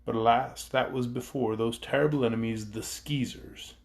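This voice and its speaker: A proud mountain ruler and sorcerer voiced by a man who brags about his own cleverness and grumbles about his enemies. His voice is gravelly, at a middle pitch. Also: steady tone, normal speed, close to an everyday voice. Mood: boastful. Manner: self-satisfied, grumbling storytelling. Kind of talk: audiobook character voice.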